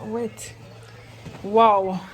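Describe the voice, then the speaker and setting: A woman's voice: medium pitch, flat delivery, very slow, faint music behind. A woman vlogging casually at home, playful and teasing, laughing often. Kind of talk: casual home vlog chat. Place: home during a snowstorm.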